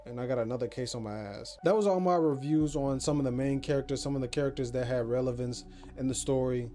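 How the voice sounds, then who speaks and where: A man's voice: medium pitch, quick pace, warm tone. Slangy, rambling young-sounding male gamer. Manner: loose, slangy, rambling, swears freely. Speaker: gaming YouTuber. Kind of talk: casual game review vlog.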